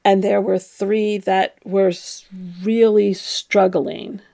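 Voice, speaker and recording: A woman's voice: medium pitch, flat delivery, slow, gravelly, dark tone, no room sound, clean studio sound. A middle-aged woman, a former nun, telling her own story in a candid, reflective and emphatic way. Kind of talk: personal storytelling.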